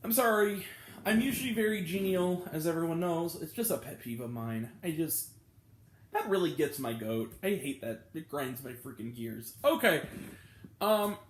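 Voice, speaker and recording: A man hosting his own movie review vlog, talking casually and ranting with pitch jumping up when annoyed. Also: very animated, moderate pace, echoey room.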